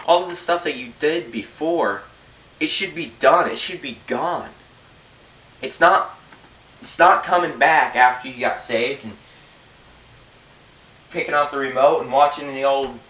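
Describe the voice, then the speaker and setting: A man's voice: on the high side, animated, a little slow, pauses often. A teenage boy giving an earnest, blunt sermon and reading scripture aloud. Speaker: youth preacher. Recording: roomy, dull, hissy, far from the mic.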